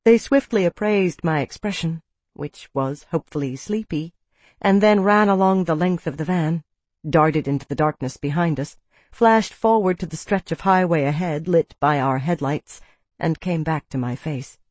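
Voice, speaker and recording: Measured audiobook narrator, dry sound. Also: mid-range voice, darkish tone, no echo. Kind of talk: scripted first-person narration.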